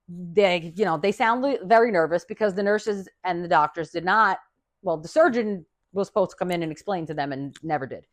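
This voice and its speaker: Animated, profane woman telling a story. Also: mid-range voice. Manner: animated, profane, acts out quoted dialogue. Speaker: podcast host. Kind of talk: casual storytelling.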